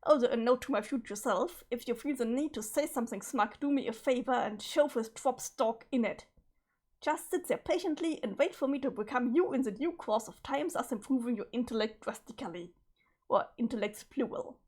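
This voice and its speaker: A woman's voice: fairly high pitch, a little fast, darkish tone, close to an everyday voice. A woman reading a ranting, foul-mouthed troll boy. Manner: ranting, sarcastic, swearing. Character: foul-mouthed, hot-tempered teenage troll boy leader. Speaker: streamer. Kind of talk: reading a webcomic aloud with voices.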